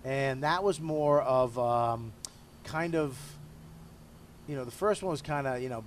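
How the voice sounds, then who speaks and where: A man's voice: medium pitch, a little slow, a little hiss or hum. A middle-aged man, a comedian being interviewed, talking candidly and profanely about himself while smoking a cigar. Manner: candid, profane, self-deprecating. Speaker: comedian guest. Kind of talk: casual interview talk.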